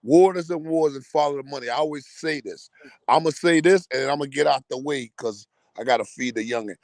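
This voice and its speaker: A man's voice: mid-range voice, a little fast, darkish tone, dry recording. A man co-hosting a casual group discussion, talking in a rambling, slangy way and often repeating words. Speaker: podcast co-host.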